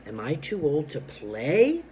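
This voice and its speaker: Guy reading as an old man who wants to play ball, lively pitch, storybook read-aloud. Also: a little hiss or hum. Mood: eager. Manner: read aloud slowly to demonstrate pauses. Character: old man asking about sport and baseball.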